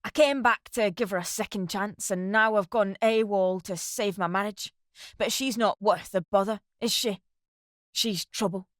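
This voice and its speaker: A woman voicing a jealous, furious sergeant husband who shouts coarse insults while short of breath. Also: mid-range voice, steady tone, normal speed, dry recording, studio quality, natural voice.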